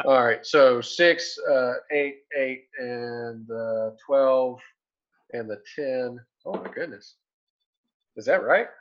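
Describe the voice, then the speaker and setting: A man's voice: mid-range voice, slow pace, highs cut off. A man playing a tabletop game, chatting casually and thinking aloud as he counts his dice.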